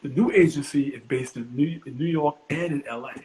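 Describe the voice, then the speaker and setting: A middle-aged man, a comedian guest on a podcast, telling a story in an animated, profane way and acting out other people's voices. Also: fairly high pitch, fairly quick, a little hiss or hum, rough recording.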